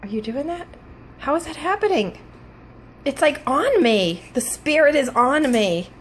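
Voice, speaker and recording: A woman filming her dog at home, talking to it in a playful, excitable, coaxing way. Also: sits high, a little slow, a little hiss or hum. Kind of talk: casual home video. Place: home indoors.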